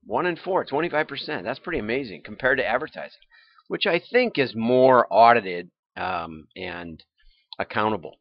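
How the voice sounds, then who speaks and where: An older man talks casually on a livestream, rambling from one news item to the next and chuckling now and then. His pitch rises and falls in a lively way. The sound is dull and lo-fi, and very dry. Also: normal speed, no echo. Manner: chatty, rambling, chuckles often. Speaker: livestream host.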